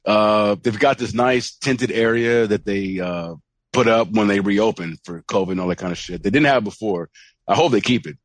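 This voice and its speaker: A man's voice: lowish voice, normal speed, dry recording. A man co-hosting a podcast, chatting casually and telling a story with lots of acted-out quotes. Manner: animated storytelling, acts out quoted voices. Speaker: podcast co-host. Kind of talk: casual chat.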